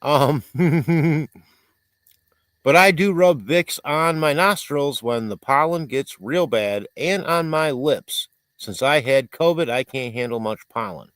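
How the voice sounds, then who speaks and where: A man's voice: a little high, slow, fairly bright tone, dry recording. A man hosting a livestream, rambling in casual chat and reading viewers' comments aloud, congested and coughing. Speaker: livestream host.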